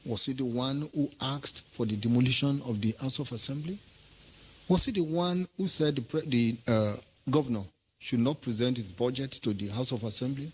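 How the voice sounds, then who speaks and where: A man's voice: mid-range voice, normal speed, a little hiss or hum, low-quality recording. A man giving an impassioned political statement, emphatic and full of rhetorical questions.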